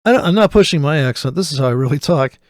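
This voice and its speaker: A man's voice: on the high side, animated, fast, a little hiss or hum. A man hosting a show, giving rambling, sarcastic, profane commentary while reacting to a video. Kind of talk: casual commentary.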